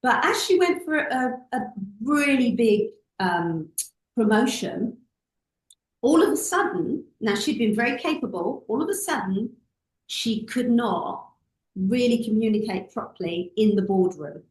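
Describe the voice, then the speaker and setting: A woman's voice: fairly high pitch, unhurried, reverberant, low-quality recording. A woman, a public speaking coach, telling stories expressively as an interview guest. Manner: expressive, acts out voices in anecdotes.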